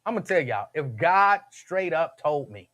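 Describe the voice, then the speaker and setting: A man's voice: fairly high pitch, expressive, normal speed, fairly bright tone. A man hosting a radio talk show, chatting casually with listeners, laughing often and repeating himself.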